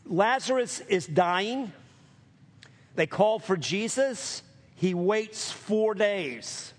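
Preacher with a husky, high voice. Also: male voice, lively intonation, extremely slow. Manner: rising to emphatic highs, dropping to hushed lows; calls for amens from the congregation. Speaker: pastor. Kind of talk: sermon.

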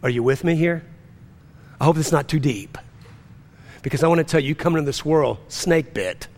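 A man preaching a sermon as pastor to a congregation, swinging between fervent rising lines and hushed, low-key storytelling. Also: normal speed. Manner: preaching with rising intensity and drops to a near-hush. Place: church.

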